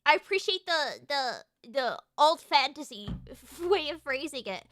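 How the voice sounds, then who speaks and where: Excitable young woman streamer, bright high voice. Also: unhurried, no room sound, clean studio sound. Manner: excitable, with sudden shouted outbursts. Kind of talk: casual live-stream chat.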